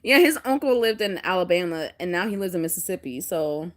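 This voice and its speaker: A woman vlogger telling stories in casual chat, animated and often breaking into laughter. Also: on the low side, a little fast.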